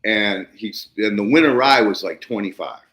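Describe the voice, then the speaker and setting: A man's voice: on the low side, normal speed. A middle-aged man hosting a podcast, telling farm stories casually and acting out the people he quotes. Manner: animated anecdote-telling, acts out the people he quotes. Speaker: podcast host. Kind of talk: casual storytelling chat.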